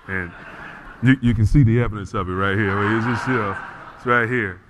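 A man preaching a sermon, telling a story in an animated way before he reads scripture and leads a prayer. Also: fairly low pitch, fairly quick, long reverb tail, noisy background. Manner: animated storyteller, frequent restarts. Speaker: pastor.

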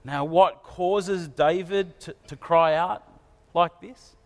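A man with a fairly high voice preaches a sermon, earnest and searching, turning questions back on his listeners. His words ring out with a long reverb, as in a church hall. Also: slow pace.

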